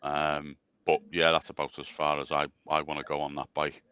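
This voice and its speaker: Guest man, very low voice, dry and muffled sound, rambling casual chat. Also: completely flat delivery, moderate pace, sharp tone, clear, resonant tone, no echo. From England. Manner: rambling, self-deprecating, stammering restarts. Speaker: special guest.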